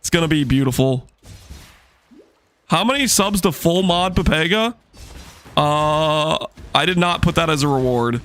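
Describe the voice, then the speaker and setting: A man's voice: on the high side, measured pace, long pauses, fairly bright tone. A man streaming a game, joking and chatting with his viewers while he plays. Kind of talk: casual live-stream chat while gaming.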